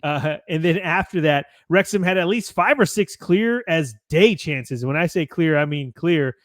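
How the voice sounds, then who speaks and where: An American man hosts a podcast and runs through match results from his notes. He talks in a chatty way and often corrects himself, in a slightly high voice. The mic is close and dry. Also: expressive, normal speed, fairly bright tone, no room sound. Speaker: podcast host. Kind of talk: reading a match recap with casual asides.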